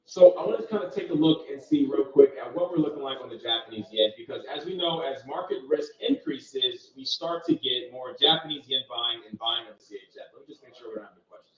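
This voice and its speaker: A trading channel host talks fast with few pauses in a medium-pitched voice, giving live market commentary while sharing his screen. He walks viewers through charts casually and directly, thinking out loud. The recording sounds roomy, distant, and dull.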